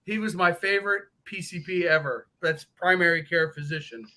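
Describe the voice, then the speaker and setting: A man's voice: fairly high pitch, normal speed, a crowd in the background. A man hosting a casual live stream, telling profane, joking stories and laughing often. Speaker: host of a live motorcycle stream.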